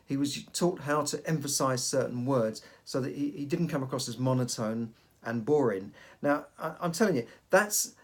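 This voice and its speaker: Guy in his middle years talking advice on his podcast, trips over words, keeps restarting, mid-pitch voice. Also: normal speed. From United Kingdom. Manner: repeats and restarts words often. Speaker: podcast host. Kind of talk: casual advice monologue.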